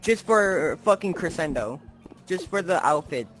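A man's voice: on the high side, lively intonation, unhurried, fairly bright tone, faint music behind. An exasperated man being interviewed as a player, complaining and swearing, recorded on a headset mic.

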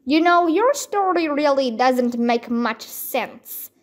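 A woman's voice: sits high, animated, slow. A woman voicing a stern, suspicious male game ranger in a storybook. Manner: stern, doubtful.

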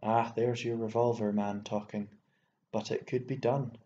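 A man voicing a fussy, excitable elderly bachelor landowner who rambles and exclaims, stammering when worked up, in an audiobook reading. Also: on the low side, a little slow, close to an everyday voice. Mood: enthusing. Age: older. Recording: echoey room, dull lo-fi sound, faint hiss.

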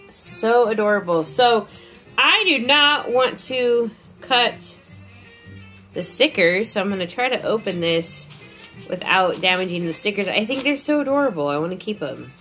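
A woman chatting casually on her vlog as she opens gifts, gushing over each one. Her voice sits a little high and swings widely in pitch. A faint strain of music plays behind her. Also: a bit bright. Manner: gushing, reads cards aloud with frequent exclamations. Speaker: vlogger opening gifts. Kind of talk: casual chat.

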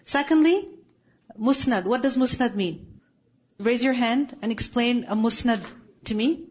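Unhurried and husky, this woman's voice is on the high side and a little mellow, heard through a muffled recording. She's giving an Islamic studies classroom lecture with questions, firm and corrective, often confirming that students are following along.

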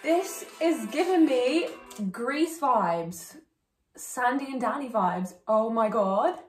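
Casual, joking young woman with a slightly high voice reacting to a music video at home, talking into a roomy, echoey recording while soft music plays underneath. chatty and loose, with the odd swear word tossed in. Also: animated, takes it slowly, far from the mic. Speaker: YouTube reactor. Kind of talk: casual reaction vlog chat.

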